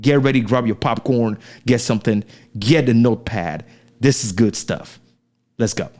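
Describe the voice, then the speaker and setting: A man hosting a podcast, giving an energetic introduction to his guest with rhetorical asides. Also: mid-range voice, moderate pace. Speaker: podcast host.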